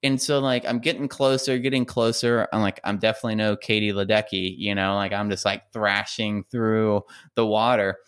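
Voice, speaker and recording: A man co-hosting a podcast, telling a long, rambling story in casual chat with lots of fillers and shouted quotes. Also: moderate pace, few pauses, clear, resonant tone. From rural America. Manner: rambling, animated, acts out quotes in a high yell. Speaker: podcast co-host.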